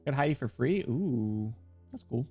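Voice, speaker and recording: A man chatting casually with his stream viewers, playful and quick to laugh, with soft music behind. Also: mid-range voice, expressive.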